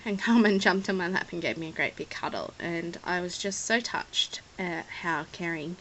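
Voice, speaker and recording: Speaking at normal speed with hardly any pauses, an Australian woman's fairly low, slightly bright voice stays fairly even in intonation. She's a scrapbooking vlogger chatting casually through a scrapbook, rambling and apologetic, sometimes near tears, on a low-quality recording.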